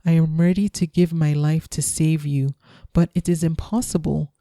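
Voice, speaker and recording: Woman reading as a gentle young maiden. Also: sits low, steady tone, normal speed, dry recording, studio quality. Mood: sorrowful. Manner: soft and gentle.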